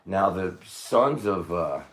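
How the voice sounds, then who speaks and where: A man delivering a rambling religious monologue. He swings from shouting to muttering and corrects himself as he tells the story. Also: deep voice, lively intonation, takes it slowly.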